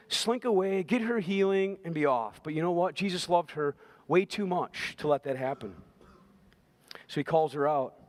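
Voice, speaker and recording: High-voiced, emphatic male preacher. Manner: emphatic, repeating phrases, swelling to loud intensity. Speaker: pastor. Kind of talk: sermon.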